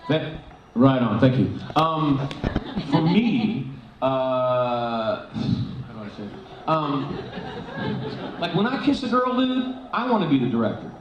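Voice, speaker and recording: A man's voice: medium pitch, takes it slowly, pauses often. Man telling stories in an echoey hall. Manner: animated, laughing storyteller with many restarts. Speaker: convention panel guest. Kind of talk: casual stage Q&A storytelling. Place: convention hall stage. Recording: echoey hall, dull, noisy fan recording.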